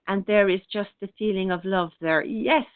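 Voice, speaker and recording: Gentle woman on a phone-like line. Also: mid-range voice, no room sound. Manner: gentle, unhurried, with many hesitations and restarts. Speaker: radio show host. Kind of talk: casual spiritual talk, reading out listener comments. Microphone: online radio broadcast. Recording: thin phone-like line, dry.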